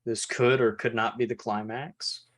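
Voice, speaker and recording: A man's voice: mid-range voice, flat delivery, a little slow. A man playing a tabletop horror game, casual and hesitant, thinking aloud with fillers. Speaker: player.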